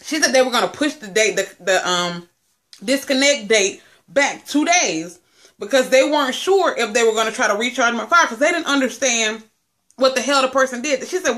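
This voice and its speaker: A woman's voice: a little high, expressive, normal speed, a bit bright. A woman in her late twenties tells viewers an angry, profane story about her cable company, calling them family. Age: late 20s. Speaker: vlogger. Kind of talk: angry rant to camera.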